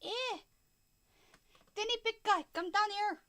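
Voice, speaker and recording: Here is a pint-sized blue fellow in a kilt, a bagpiper with a thick Scottish accent and a short temper, as a woman game master puts him on. He sounds gruff and quick to take offence, and his voice sits high and bright. The character comes from a tabletop game. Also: full character voice. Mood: hailing. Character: tiny cranky blue male kilted bagpiper.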